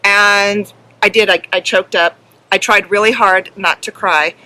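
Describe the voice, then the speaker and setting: Bright-voiced earnest middle-aged woman. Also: medium pitch, steady tone, rough recording. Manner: earnest, emotional, halting with many ums. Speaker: podcast co-host and herding judge. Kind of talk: casual storytelling chat.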